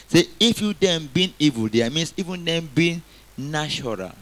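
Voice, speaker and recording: A man's voice: on the high side, lively intonation, moderate pace, a bit bright. A man preaching a sermon, quoting scripture and getting the congregation to repeat lines after him.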